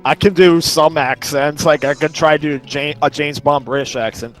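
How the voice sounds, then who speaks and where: A man's voice: a little high, steady tone, normal speed, soft background music. A man hosting a let's play, chatting casually and rambling through long lists of details. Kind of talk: casual chat over gameplay.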